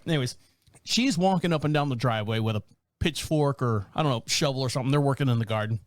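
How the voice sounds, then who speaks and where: A man's voice: medium pitch, fast, dry recording. A man in his fifties hosting a podcast, telling comedic stories in a casual, rambling way and laughing often. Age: 50s. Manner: animated, laughs often, acts out voices. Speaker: podcast host. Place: small rural town.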